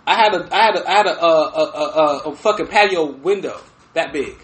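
A man telling a story on a casual podcast, animated and profane, often laughing as he talks. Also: fairly high pitch, fairly quick, echoey room. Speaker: podcast host. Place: room with fireplace.

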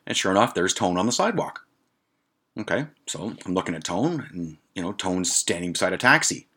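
A man's voice: low voice, very animated, fairly quick, bright, forceful tone, slightly rough. A middle-aged man, a podcast host, telling a profane, rambling anecdote in casual storytelling style.

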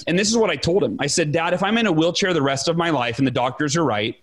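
A man in his forties, a guest author telling his story in a podcast interview with emphatic, animated delivery. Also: fairly high pitch, quick pace. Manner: animated, emphatic, acts out quoted dialogue.

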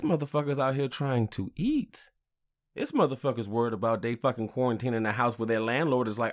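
A man's voice: mid-range voice, lively intonation, fairly quick. A man in his thirties, a father, hosting a podcast and ranting angrily with lots of swearing and "you know what I'm saying.". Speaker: podcast host.

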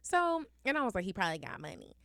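A woman's voice: medium pitch, fast talker, creaky, no room sound, clean studio sound. A woman co-hosting a podcast, telling a story in a casual, profane way and acting out the people in it. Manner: animated, profane, acts out the people in her stories. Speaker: podcast co-host.

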